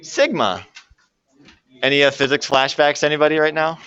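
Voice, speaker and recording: A man's voice: fairly high pitch, steady tone, normal speed, bright, forceful tone, smooth, no room sound, highs cut off. Joking male math teacher in class. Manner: jokey, talks to students while working problems. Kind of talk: classroom lecture.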